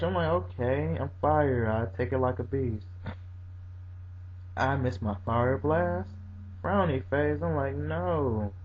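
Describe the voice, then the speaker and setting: A man giving casual, animated commentary over a video game battle, reacting with frequent exclamations. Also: on the low side. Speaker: gaming commentator. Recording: dull lo-fi recording with faint hum.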